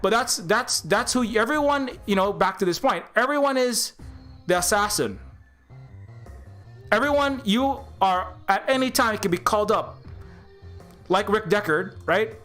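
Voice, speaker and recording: A man's voice: high-pitched, animated, a little slow, long pauses, a bit bright, soft background music. A man delivering an impassioned political rant, heated and profane, sarcastic, with frequent restarts and repeated words. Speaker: game developer talking on his channel.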